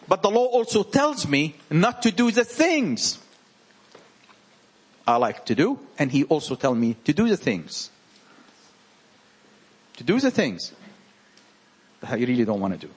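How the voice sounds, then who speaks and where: A man with a French accent preaching informally to a small group, animated and emphatic, repeating his points. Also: a little high, slightly rough.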